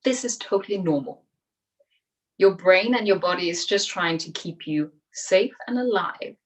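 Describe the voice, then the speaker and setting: A woman's voice: fairly low pitch, unhurried, far from the mic, low-quality recording. Woman coaching speakers, a bit off-mic. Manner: lively, encouraging, acts out inner voices. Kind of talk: online workshop talk.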